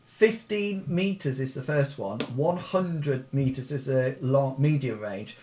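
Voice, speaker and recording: A man acts as game master in a tabletop game played online. He talks hesitantly, full of ums and restarts, at an ordinary middle pitch. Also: a little slow, dark tone.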